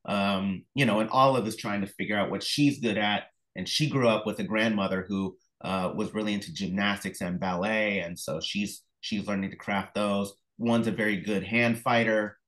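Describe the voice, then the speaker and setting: Animated middle-aged man telling stories. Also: lowish voice, moderate pace, hardly any pauses, rough recording. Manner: animated storyteller, acts out phone calls, many fillers. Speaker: author and illustrator, interview guest. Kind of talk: casual interview conversation.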